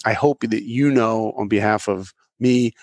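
A man's voice: fairly low pitch, a little slow, no room sound, clean studio sound. A man hosting a podcast, talking earnestly and casually with his guest. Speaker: podcast host.

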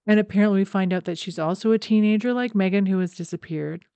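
Animated woman recapping a TV episode. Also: mid-range voice, quick pace, clear, resonant tone, no room sound. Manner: animated, acts out scenes in quoted voices. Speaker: podcast co-host. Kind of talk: casual TV recap chat.

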